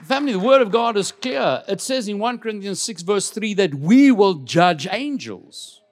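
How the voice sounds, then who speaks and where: A man preaching a sermon as an apostle, animated and emphatic, often repeating words as he builds to loud peaks and asking the congregation direct questions. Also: sits high, moderate pace, a faint crowd.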